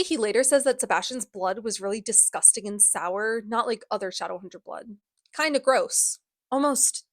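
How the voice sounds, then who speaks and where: A young woman in her twenties recaps a book series with animated, sarcastic commentary and frequent laughter. Her voice sits at a middle pitch, and the recording is close and dry with no room sound. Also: no room sound. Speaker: book vlogger.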